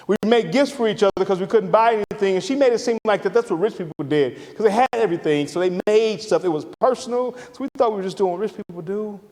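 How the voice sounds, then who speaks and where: A middle-aged man from Atlanta, giving a lively, conversational storytelling lecture. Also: sits high. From Atlanta, Georgia. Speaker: guest lecturer. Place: lecture hall. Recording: reverberant lecture hall.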